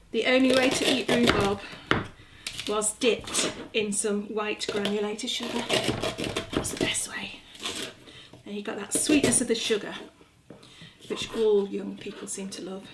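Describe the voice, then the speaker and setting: A middle-aged gardening vlogger with a medium-pitched, steady voice demonstrates a recipe in her home kitchen at a normal speed. She chats casually and pokes fun at herself while working, with background noise audible.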